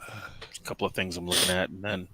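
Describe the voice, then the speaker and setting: A man chatting casually as a guest, talking in a relaxed, rambling way. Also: deep voice, fairly quick. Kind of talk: casual chat.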